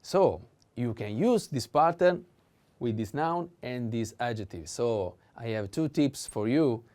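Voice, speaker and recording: A man teaching a language lesson, explaining slowly with frequent fillers and pauses. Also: mid-range voice, expressive, a little mellow.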